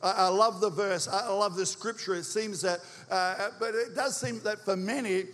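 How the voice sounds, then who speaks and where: A high-voiced Australian man preaching a sermon, quick and energetic as he rouses the congregation. His voice rings out with a long reverb from the church around him. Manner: energetic, rousing call-and-response with the crowd; talks quickly. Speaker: visiting preacher.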